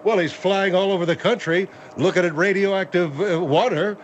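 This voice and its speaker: A man's voice: high voice, steady tone, normal speed, slight background noise, voice pushed up, natural voice. A man voicing a blustering, stammering general who keeps tripping over his words. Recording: dull lo-fi line.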